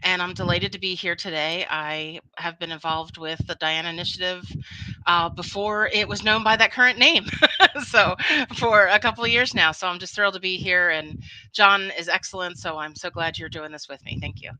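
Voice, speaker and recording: Interview guest: chatty woman, Philadelphia accent, bright crisp tone, dry close sound. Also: lowish voice, fairly even intonation, normal speed, no echo, poor audio. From Philadelphia, United States. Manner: chatty and upbeat, laughs often. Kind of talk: casual interview chat.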